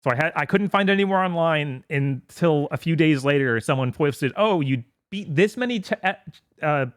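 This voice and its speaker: A man's voice: fairly high pitch, expressive, moderate pace, clean tone, no echo, clean studio sound. A man co-hosting a gaming podcast, talking casually with many fillers and restarts. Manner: hesitant, filler-heavy. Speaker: podcast co-host. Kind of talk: casual chat.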